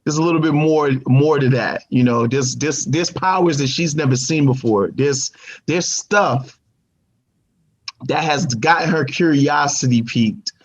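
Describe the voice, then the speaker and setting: A man co-hosting a TV review show in casual chat, animated and laughing often, repeating himself as he talks. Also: a little high, measured pace. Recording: dull lo-fi audio.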